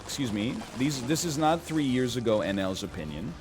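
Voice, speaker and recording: A man's voice: mid-range voice, very animated, moderate pace, over music. A man in his thirties chatting casually on a live stream while gaming, rambling and self-mocking with a wry tone.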